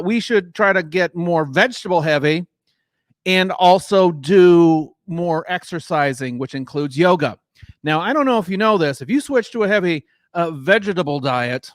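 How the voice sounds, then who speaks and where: A man's voice: fairly high pitch, a bit bright, dry recording, clean studio sound. A middle-aged man doing a crude, rambling stand-up set who laughs at his own jokes, on a mic in a small garage room. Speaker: stand-up comedian. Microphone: microphone in a garage.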